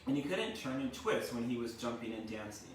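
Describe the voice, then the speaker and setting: A male teacher reads a storybook aloud to kids from his home kitchen, as though to a class, in a mid-range voice that's animated and fairly quick. He's chatty, stops to explain words and tags lines with "right?". The room is echoey, the mic is well back, and there's slight background noise.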